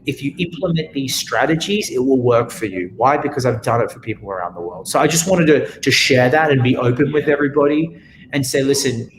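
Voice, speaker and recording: An Australian man giving an energetic motivational talk as a guest speaker, often acting out what people say. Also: mid-range voice, brisk, slight background noise, low-quality recording. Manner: energetic, animated, acts out quotes.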